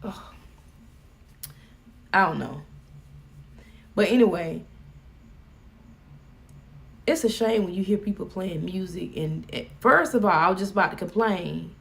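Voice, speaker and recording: A woman's voice: fairly low pitch, a little slow, gravelly, pauses often. A woman with a Southern US accent chatting casually on a live stream, folksy and joking. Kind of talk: casual chat.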